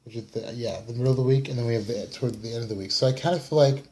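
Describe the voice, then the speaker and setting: A man's voice: medium pitch, rapid-fire, darkish tone, slight background noise. A tired young man from the United States giving a casual weekly tarot reading, rambling and apologizing for his yawns. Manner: rambling, apologetic, yawning, fillers. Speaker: tarot reader. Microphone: camera mic.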